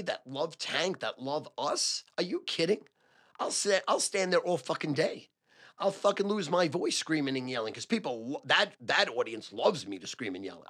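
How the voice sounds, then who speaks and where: A man in his sixties who advises sports gamblers, talking to camera in a casual, loud, profane monologue and repeating phrases for emphasis. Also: fairly high pitch, vocal fry.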